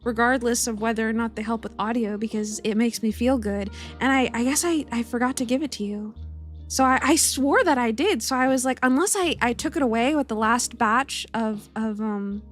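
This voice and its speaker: A woman's voice: fairly high pitch, normal speed, faint music behind. A young woman streaming from home, chatting casually and a little rambling, giggling as she greets her chat by name.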